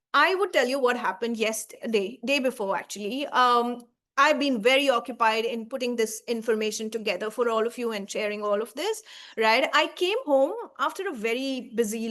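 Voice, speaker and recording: A baby sleep coach in her thirties gives a heartfelt talk to mothers, earnest and reassuring, often checking in with "right?" and "okay?" She is emotional and tearing up, and her voice is a little high and a bit bright.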